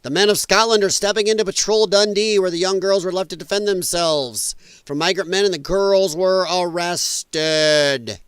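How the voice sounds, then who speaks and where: A man's voice: high voice, normal speed, clear, resonant tone, no echo, studio quality. A middle-aged American man from the Midwest hosting a political commentary stream, ranting with profanity and sarcasm. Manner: profane, sarcastic, mocking mimicry of others.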